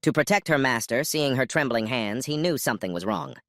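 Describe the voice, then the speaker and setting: A man's voice: mid-range voice, a little fast, fairly bright tone, no echo, clean studio sound. A man narrating a comic story recap in a scripted way, jumping into character lines now and then.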